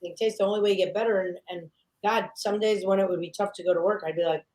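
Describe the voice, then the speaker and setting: Woman chef, casual guest chatter, mid-pitched, animated, quotes herself a lot. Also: quick pace. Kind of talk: casual podcast chat.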